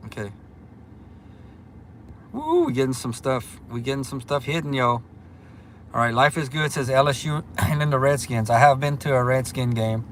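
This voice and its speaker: A man's voice: mid-range voice, a bit bright, slight background noise. Upbeat man hosting a livestream. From Louisiana. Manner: upbeat, chatty, greets viewers by name. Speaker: livestream host. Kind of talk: casual livestream chat reading viewer comments.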